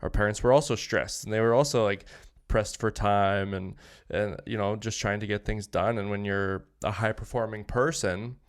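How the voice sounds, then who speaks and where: A man's voice: lowish voice, fairly even intonation, moderate pace. A man co-hosting a podcast, talking casually and rambling, with plenty of filler words and restarts. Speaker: podcast host.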